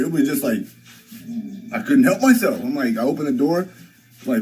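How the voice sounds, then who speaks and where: A young man hosting his own livestream, telling a story in a rambling, profane way with lots of halting restarts. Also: mid-range voice, lively intonation, darkish tone, slightly rough, poor audio. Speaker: livestream host. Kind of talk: casual livestream chat.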